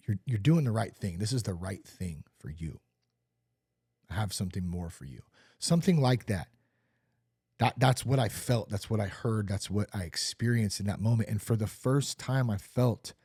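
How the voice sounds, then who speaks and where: A man's voice: medium pitch, mellow, breathy edge, no echo, studio quality. A man hosting a podcast, sharing a personal recovery story in an earnest way and repeating phrases for emphasis. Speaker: podcast host.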